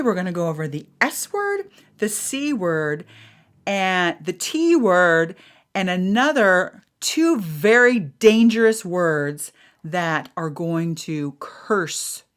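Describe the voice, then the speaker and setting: Hosting a podcast, a middle-aged woman with a medium-pitched, somewhat bright voice talks openly and animatedly. She curses liberally and mimics others as she recounts what they said.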